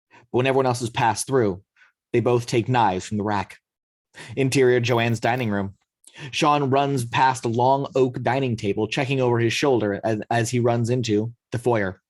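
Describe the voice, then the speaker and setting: A man narrating the action lines of a screenplay read-through in a steady storytelling manner. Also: medium pitch, dry recording. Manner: steady storytelling, occasional slips. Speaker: narrator reading action description.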